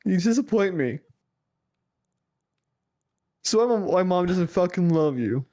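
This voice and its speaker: A man's voice: high voice, expressive, unhurried, mellow. A young man co-hosting a casual podcast chat, trading teasing jabs with his friend. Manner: teasing, playful banter. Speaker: podcast co-host.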